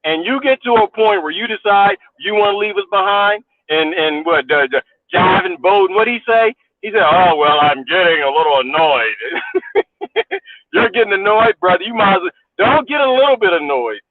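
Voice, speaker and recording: Ranting to camera in a casual vlog, a man mocks, laughs often, and keeps repeating his points. He has a high, expressive voice at normal speed, and the recording sounds tinny, dry, and phone-like.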